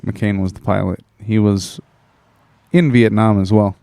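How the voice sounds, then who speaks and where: Gravelly man with blunt quips. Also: fairly low pitch, fairly even intonation, unhurried, mellow, dry recording. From Iowa. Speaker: podcast co-host. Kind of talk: casual political chat.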